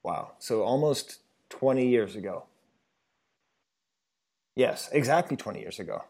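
A man hosting a casual podcast chat, eager and quick to stammer into restarts. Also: mid-range voice, animated, darkish tone, slightly rough. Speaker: podcast host.

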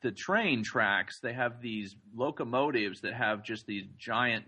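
A man's voice: medium pitch, expressive, measured pace, sharp tone, husky. A man who is a guest collector on a podcast roundtable, explaining things in a rambling way with many fillers. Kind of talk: casual roundtable chat.

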